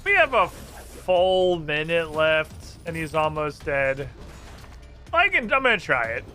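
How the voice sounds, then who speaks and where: A male streamer talks in a high, animated voice with a bright, edgy tone. He is excitable and swears casually as he plays. Faint music runs in the background. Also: takes it slowly. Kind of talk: casual game streaming chat.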